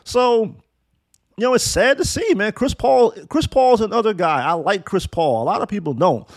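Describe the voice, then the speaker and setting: A man's voice: sits high, lively intonation, normal speed, no room sound. A man hosting a casual sports talk show, ranting bluntly and sarcastically, with swearing and frequent restarts. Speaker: basketball podcast host. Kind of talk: casual opinionated sports rant.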